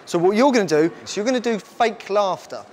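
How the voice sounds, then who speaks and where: A man presenting a live science show on stage, energetically bossing volunteers around and shouting instructions. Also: high-pitched, animated, a little fast, a little hiss or hum. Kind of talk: lively live science demonstration.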